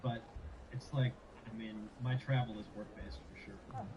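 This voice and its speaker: A man, a game composer, chatting in an interview in a relaxed way with many fillers. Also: medium pitch, unhurried, far from the mic, highs cut off, noisy background. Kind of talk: casual interview talk.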